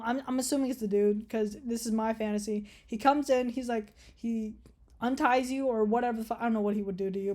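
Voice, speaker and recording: A woman vlogger rambles through a casual, jokey rant, swearing freely and restarting her sentences. Her voice sits a bit high. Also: a little mellow.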